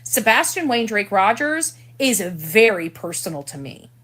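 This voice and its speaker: A woman's voice: mid-range voice, big pitch swings, measured pace, a bit bright. A woman in a played video clip, explaining herself in a defensive, aggrieved way.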